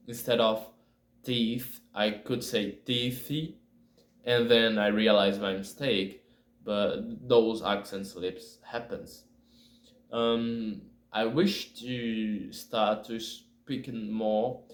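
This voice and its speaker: Slow, hesitant Brazilian man. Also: fairly low pitch. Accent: Brazilian Portuguese. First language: Portuguese. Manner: hesitant, pauses often to find words. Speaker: English learner. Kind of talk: casual self-recorded video. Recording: roomy echo.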